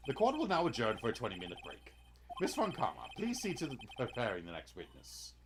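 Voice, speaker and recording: Lively man reading game dialogue. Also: mid-range voice, fast talker, noisy background. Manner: dramatic read-aloud, breaks into goofy impressions. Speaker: let's-play co-host. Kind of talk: reading game dialogue aloud with joking asides. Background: game music.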